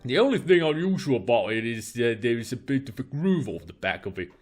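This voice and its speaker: A man's voice: medium pitch, very animated, fairly quick, soft background music, lightly acted. A man with a cold voicing an eager young British treasure-hunting friend in a faltering put-on British accent. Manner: upbeat, enthusiastic. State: has a cold.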